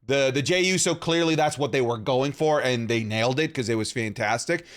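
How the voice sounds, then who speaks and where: A man's voice: medium pitch, brisk. A man from Canada co-hosting a podcast, talking in a playful, jokey way. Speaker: podcast co-host. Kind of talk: casual chat.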